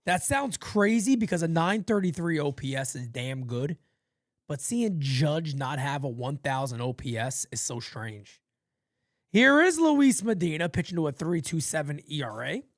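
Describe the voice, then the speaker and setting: Man doing loose fan play-by-play, animated and swinging in pitch, dry close sound. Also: normal speed, dry recording. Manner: rambling, swearing, easygoing banter between pitches. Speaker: play-by-play host of a fan channel. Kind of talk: casual live play-by-play with chat.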